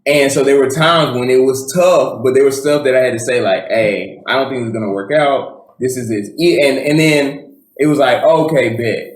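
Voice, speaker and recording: A man of medium pitch co-hosts a podcast at normal speed, chatting in a relaxed, rambling way with many fillers and restarts. There's a roomy echo on the recording.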